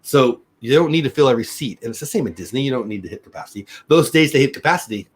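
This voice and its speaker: A man's voice: medium pitch, animated, racing, breathy edge. A middle-aged man hosting a daily live news show, rambling upbeat chat and thanking viewers by name. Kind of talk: casual live-stream chat.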